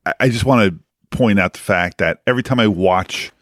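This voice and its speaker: A man's voice: lowish voice, brisk, a bit bright, no room sound, studio quality. A man co-hosting a podcast in casual chat, jokey and teasing, often talking over others. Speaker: podcast co-host.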